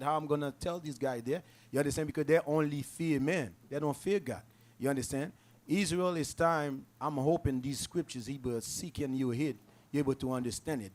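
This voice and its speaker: A man preaching to a Bible class in casual street speech, who keeps asking whether his listeners understand. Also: medium pitch.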